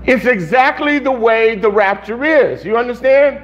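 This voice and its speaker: A man's voice: extremely high pitch, moderate pace, fairly bright tone, muffled recording. A man preaching a sermon as pastor, in a conversational way that restarts and repeats phrases.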